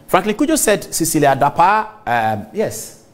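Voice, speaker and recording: Animated Ghanaian male TV host. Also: on the high side, moderate pace. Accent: Ghanaian English. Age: middle-aged. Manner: emphatic, animated, addresses viewers directly. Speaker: TV talk show host. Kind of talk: studio commentary monologue.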